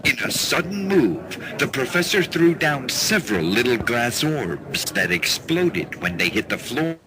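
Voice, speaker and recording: A man's voice: mid-range voice, big pitch swings, measured pace, background noise. A man narrating a pulp radio drama in first person as a gritty, hard-boiled action hero. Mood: dramatic. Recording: narration over loud music.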